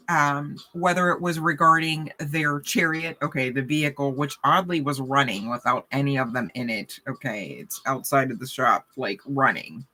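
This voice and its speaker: A woman with a low-pitched voice and a bright, forceful edge talks directly to her viewers as she gives a tarot card reading. She keeps it casual and lively, throwing in chatty asides and laughter as she goes.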